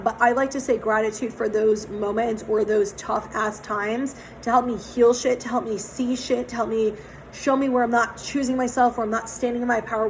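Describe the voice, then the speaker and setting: A woman's voice: fairly high pitch, a little hiss or hum, rough recording. A young adult woman doing a casual oracle card reading outdoors, talking frankly and swearing often as she tells her own stories. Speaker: psychic tarot reader.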